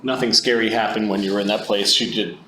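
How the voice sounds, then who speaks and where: A man's voice: on the low side, steady tone, quick pace, sharp tone, slight background noise. A man running a tabletop game as game master, describing scenes in a loose, filler-heavy way. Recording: echoey room recording.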